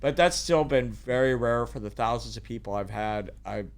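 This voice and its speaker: A man's voice: mid-range voice, normal speed. Rambling man in casual chat. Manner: rambling, full of fillers and restarts. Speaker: guest, kayak tour business owner. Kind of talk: casual podcast interview.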